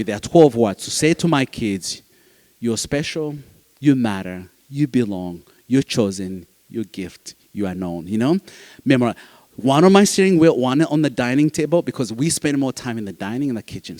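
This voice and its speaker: A man with a mid-range, slightly mellow voice speaks as a foster parent at a summit. His speech to the audience is earnest and heartfelt, with repeated phrases and restarted sentences.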